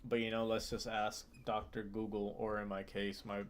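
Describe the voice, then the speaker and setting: A young man with a low voice works through his study notes aloud, reading a passage and then talking it over. He talks in a loose, casual way, full of ums and restarts. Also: completely flat delivery, normal speed, a little hiss or hum. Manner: reads text aloud then explains loosely with fillers and restarts. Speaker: student streamer.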